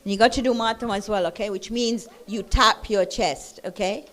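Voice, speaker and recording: A woman teaching a children's class, telling a story gently and then leading the group in a slow, loud rhythmic chant. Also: medium pitch, fairly even intonation. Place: community centre classroom.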